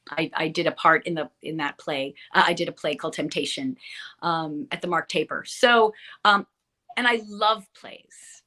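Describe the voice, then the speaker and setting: A woman's voice: mid-range voice, bright, forceful tone. A middle-aged woman, an actress guest, chatting casually in an interview with many fillers and restarts.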